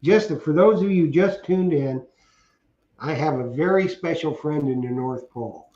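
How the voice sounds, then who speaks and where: A man's voice: fairly high pitch, measured pace, warm tone. A middle-aged man co-hosting a casual livestream, reading out viewer comments and rambling through jokey stories that he laughs at himself. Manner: joking, rambling, laughs at his own stories. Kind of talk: casual chat. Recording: roomy, dull lo-fi stream audio.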